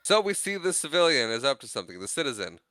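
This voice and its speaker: Bright, smooth-voiced man recapping a film. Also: mid-range voice, big pitch swings, dry recording. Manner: chatty, laughs often, does quick character voices while retelling scenes. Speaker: podcast co-host. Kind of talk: casual movie recap chat.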